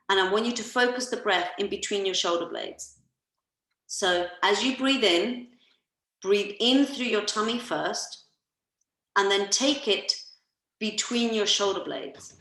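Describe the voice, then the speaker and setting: A woman massage therapist leading a workshop, calmly coaching listeners through guided breathing on a video call. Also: medium pitch, a little slow, reverberant, rough recording.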